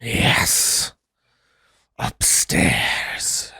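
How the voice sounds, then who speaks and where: A man voicing a vengeful dragon knight wraith in a breathy, rasping whisper, as whispered role-play. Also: extremely slow, sharp tone, dry recording, heavily acted. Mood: eerie, hushed.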